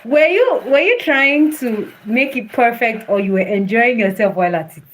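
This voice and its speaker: A woman's voice: on the high side, animated, normal speed, a little hiss or hum, rough recording. A woman talking casually and encouragingly to a follower, laughing often as she talks. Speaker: host.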